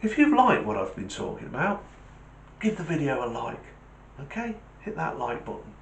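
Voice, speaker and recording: A man's voice: a little high, sing-song, normal speed, vocal fry, slight background noise. A man hosting his own channel, talking casually to camera and telling a joke. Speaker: channel host. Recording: echoey room.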